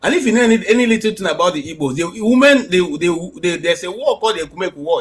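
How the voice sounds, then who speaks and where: A man with a Nigerian accent hosting a call-in debate, speaking emphatically, repeating his points and rising to near shouting when challenged. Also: high-pitched, animated, quick pace, husky. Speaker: program host.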